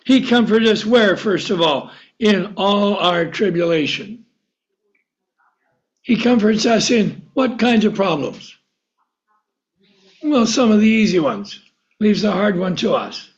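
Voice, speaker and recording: Male pastor, high voice, sermon of rhetorical questions, dull lo-fi recording. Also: lively intonation, takes it slowly, pauses often. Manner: rhetorical questions, answering himself.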